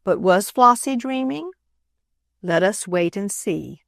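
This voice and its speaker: A woman's voice: medium pitch, animated, slow, gravelly, a bit bright, no room sound. Woman narrating a storybook, dry sound. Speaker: audiobook narrator. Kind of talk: scripted narration of a children's classic.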